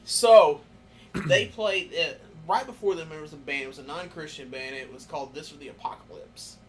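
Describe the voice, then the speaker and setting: A man on a podcast who gets loud and excited telling concert stories. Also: fairly high pitch, normal speed, a little hiss or hum. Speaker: podcast host. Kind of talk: casual podcast chat.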